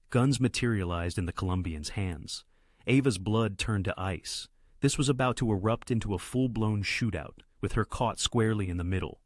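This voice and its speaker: A man reading a dramatic story aloud in a steady narration. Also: on the low side, normal speed, no echo, clean studio sound.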